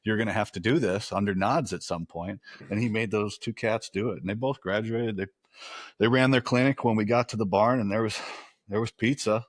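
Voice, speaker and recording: A middle-aged man and former soldier, casually telling profane, animated stories as a podcast guest. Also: fairly low pitch, brisk, dry recording, clean studio sound. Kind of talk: casual storytelling.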